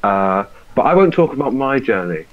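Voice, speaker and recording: A man's voice: mid-range voice, big pitch swings, normal speed, muffled recording. A man co-hosting a casual podcast, mumbling and self-deprecating, trailing off as he talks. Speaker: podcast co-host. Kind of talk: casual banter, reading out a message.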